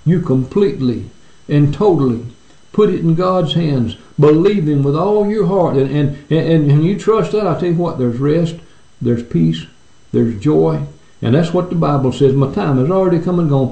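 A man's voice: on the high side, animated, moderate pace, vocal fry, dark tone, reverberant, rough recording. A pastor preaching an earnest radio sermon, often stammering and restarting his words as he pleads with his listeners.

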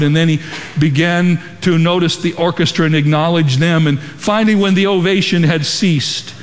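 Preaching man in a reverberant hall. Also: on the high side. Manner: emphatic preaching with rhetorical questions. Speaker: pastor. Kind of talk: sermon. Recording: long reverb of a large hall.

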